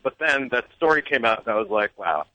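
A man's voice: mid-range voice, fast, bright, forceful tone, no echo, low-quality recording. A man calling in to a talk show and telling a rambling, self-deprecating story. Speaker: caller. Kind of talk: casual anecdote telling.

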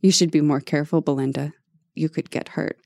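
A woman voicing a brooding, menacing young man who speaks softly and slowly, in a lowered voice with quiet insistence. The delivery is dry and close, as in a reading of a novel aloud. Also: fairly even intonation, dry recording.

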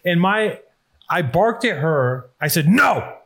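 A man hosts a podcast in loose, casual chat, his voice sitting a bit higher than most men's. He rambles, restarts and swears freely while telling an animated story. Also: slow. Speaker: podcast host.

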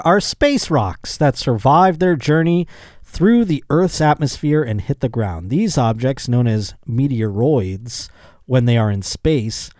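A man's voice: medium pitch, darkish tone, dry recording, studio quality. A man hosting a comedy podcast, reading a news story aloud and riffing on it with jokes and laughter. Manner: joking, riffs on the article, laughs often. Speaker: podcast host.

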